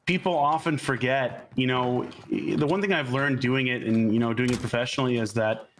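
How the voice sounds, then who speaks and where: A man's voice: medium pitch, fairly even intonation, moderate pace, a little hiss or hum. Laid-back man from Florida, swearing. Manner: laid-back, swears freely, tells stories. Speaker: actor, podcast guest. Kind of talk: casual podcast chat while gaming.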